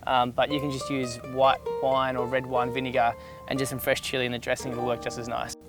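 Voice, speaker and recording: An enthusiastic young man walks through a recipe in a casual, chatty way at an ordinary, middle pitch. Clear music plays underneath his voice. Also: completely flat delivery, fairly quick. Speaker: cooking show host. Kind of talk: casual cooking demonstration.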